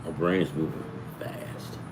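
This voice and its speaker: A man's voice: very deep voice, fairly even intonation, a little slow, heavy background noise. A middle-aged man hosting a sports betting talk, rambling and profane, jumping from topic to topic. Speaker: sports betting show host. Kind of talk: rambling casual chat.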